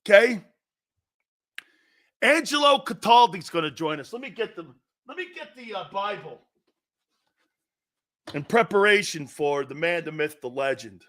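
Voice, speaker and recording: A man with an East Coast American accent hosting a sports talk show, ranting loudly with profanity and frequent shouting. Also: sits high, lively intonation, unhurried, pauses often. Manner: loud, profane, often shouting.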